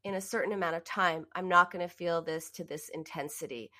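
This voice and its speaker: A woman with a bright, clear voice gives a self-help talk on emotional eating. She speaks straight to the listener and is earnest and emphatic. Her pitch climbs when she stresses a point. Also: a little fast. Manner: speaks directly to the listener in second person. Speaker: binge eating coach.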